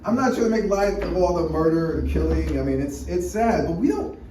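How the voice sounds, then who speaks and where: A man's voice: a little high, expressive, fairly quick, mellow. A man doing a rambling, crude stand-up set with frequent restarts and fillers. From United States. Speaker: stand-up comedian. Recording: echoey room mic from a distance, faint noise.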